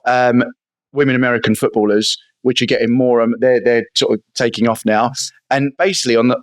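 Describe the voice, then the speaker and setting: A man co-hosts a podcast in quick, chatty talk and often tags his points with "right?". The recording is dry and close. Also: medium pitch, dry recording. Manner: chatty, with tag questions like "right?". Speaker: podcast co-host. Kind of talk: casual podcast chat.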